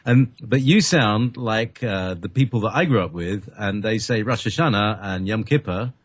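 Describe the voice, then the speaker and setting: A man's voice: on the low side, normal speed, no room sound. A man from Britain, a guest on a radio talk show, speaking hesitantly with many fillers.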